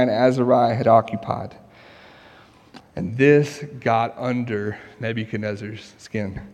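A male pastor preaching a sermon in an earnest, emphatic way, asking rhetorical questions. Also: medium pitch. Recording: long reverb of a large hall.

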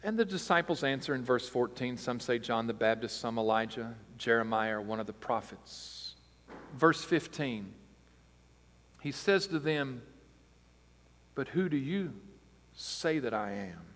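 A man preaching a sermon, moving from relaxed explanation to loud, emphatic repetition of key phrases. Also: a little high, normal speed, pauses often, in a large hall. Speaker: pastor.

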